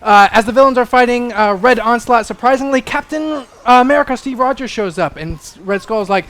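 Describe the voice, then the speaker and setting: A young adult man recapping a comic issue on a panel, excitable and rambling, full of fillers. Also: very high voice, brisk.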